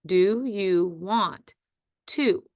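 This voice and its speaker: A woman leads a phonics lesson at a very unhurried pace, drawing out each word and sound. Her voice is smooth and clear. The recording is dry and close, with no room sound. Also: medium pitch, no echo. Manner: slow, deliberate, stretches out words and sounds. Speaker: teacher.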